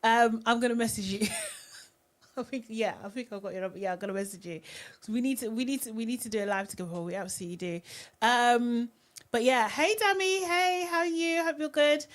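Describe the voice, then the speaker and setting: A woman's voice: on the high side, fairly quick. A young woman hosting a casual live recap, chatty and giggly, reading viewer comments aloud. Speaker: live-stream host.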